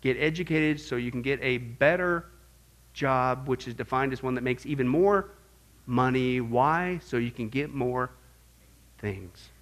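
A middle-aged man teaching a Bible class in an animated sermon style, swinging from quiet asides to loud exclamations. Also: mid-range voice, a little slow.

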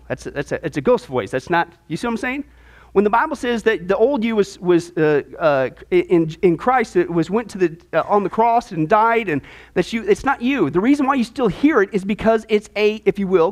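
A man teaching a discipleship class on the Bible, talking emphatically and checking in often with "okay?". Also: sits high.

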